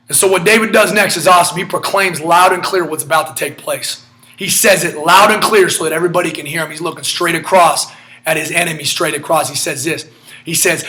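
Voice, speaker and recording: Male preacher, high bright voice, punchy repetitive delivery, frequent shouts. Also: brisk. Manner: emphatic, repetitive, often shouting. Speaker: motivational speaker. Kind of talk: energetic motivational sermon.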